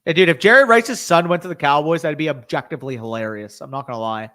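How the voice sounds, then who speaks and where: A young man with a slightly high voice hosts a long live stream and chats casually with his viewers. He reacts loudly, swears often and sounds a little worn down by the late hour. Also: fast. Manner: excitable, swears freely, talks to chat. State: tired, hiccuping.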